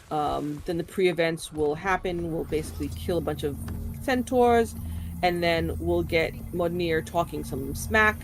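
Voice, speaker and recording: A woman's voice: fairly low pitch, a little hiss or hum. A woman with a New Jersey accent, leading a game group over voice chat and chatting with lots of fillers. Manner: chatty, explains with many fillers. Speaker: group leader. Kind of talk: casual voice chat during a game stream.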